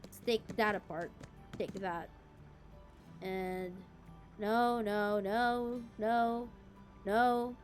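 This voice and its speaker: A young woman from the Philippines streaming a game, chatting casually in a deliberately cute, girlish voice. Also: mid-range voice, fairly even intonation, soft background music. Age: young adult. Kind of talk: casual gameplay chat.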